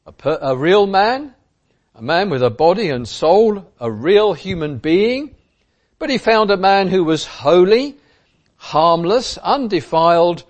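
A man preaching a sermon in an emphatic way, driving points home by repeating key phrases. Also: a little high.

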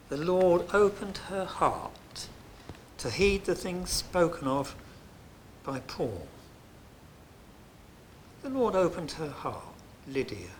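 A man preaching a sermon in an earnest way, dropping to soft, hushed phrases and then rising to loud, emphatic lines. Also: fairly high pitch, a little hiss or hum.

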